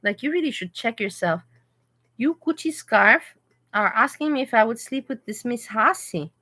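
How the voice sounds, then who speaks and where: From a hotel room, a European woman hosts a casual livestream, reading chat and talking back to commenters in an animated way. Her bright voice is a little high and brisk, and the recording is rough.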